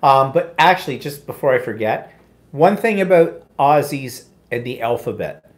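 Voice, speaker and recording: A man's voice: mid-range voice, animated, moderate pace. A middle-aged man with an Ontario Canadian accent, co-hosting a casual live chat in a wry, self-deprecating way. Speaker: co-host.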